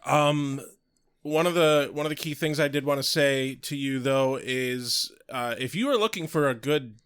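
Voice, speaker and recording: A man co-hosting a podcast in easy, casual chat, stumbling a little as he starts his sentences. His voice sits at an ordinary middle pitch, and the recording is close and dry. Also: normal speed, fairly bright tone, clean tone, no room sound. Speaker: podcast co-host.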